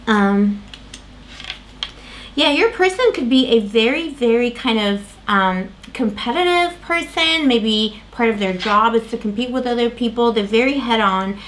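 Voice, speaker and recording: A woman's voice: on the high side, animated, unhurried, fairly bright tone, a little hiss or hum. A woman giving a tarot reading to camera, rambling with many fillers and restarts while losing her voice. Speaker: tarot reader.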